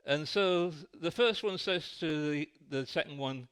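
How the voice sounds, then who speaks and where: A man's voice: a little high, unhurried, fairly bright tone, clear, resonant tone. A man preaching a sermon in a church, telling a light-hearted story.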